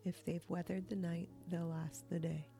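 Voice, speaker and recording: A woman reading the lines of a gruff but kindly old grandfather in a slow, soft folksy drawl. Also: fairly low pitch, flat delivery, faint music behind, lightly acted.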